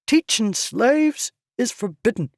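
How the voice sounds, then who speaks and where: For an audiobook, a woman with a fairly high, pushed-up voice plays a proud male noble scholar who grumbles grudgingly. She speaks slowly but animatedly in a rustic manner, clipping "the" to "t'", and the recording is studio quality with no echo.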